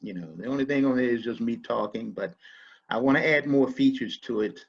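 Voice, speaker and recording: Male podcast guest, husky voice, thoughtful and halting, muffled lo-fi audio. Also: mid-range voice. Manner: halting, repeats words, reflective. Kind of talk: casual conversation.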